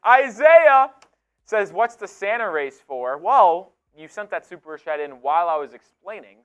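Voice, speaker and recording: Energetic young man reading super chats. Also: fairly high pitch, clean tone. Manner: energetic, with loud excited bursts. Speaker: co-host of a live sports stream. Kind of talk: casual live-stream chat, reading super chats.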